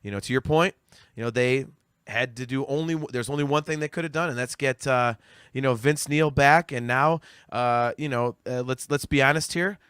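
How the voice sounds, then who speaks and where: A man's voice: medium pitch, normal speed, fairly bright tone, smooth, no room sound, clean studio sound. Heated, profane man in his forties. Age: 40s. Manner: profane, heated ranting with stammered restarts. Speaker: podcast guest. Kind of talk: casual podcast discussion.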